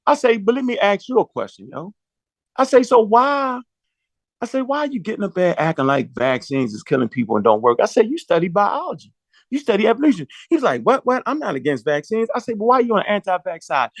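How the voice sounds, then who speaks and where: Animated high-pitched man telling a story. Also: brisk, dry recording. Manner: profane, slangy, acts out quotes. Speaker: podcast talker.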